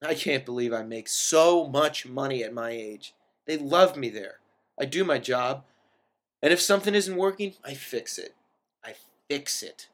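A man's voice: medium pitch, lively intonation, measured pace, natural voice. A man voicing a lonely, pompous man with an affected brogue and a histrionic way of talking. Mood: boastful. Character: lonely, pompous man who hoards his orange juice.

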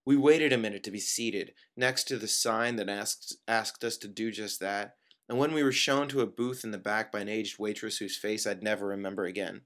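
A man reading a first-person story aloud, with even narration and dialogue that leaps up in pitch. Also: moderate pace. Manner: narration in an even tone, dialogue with sudden high jumps.

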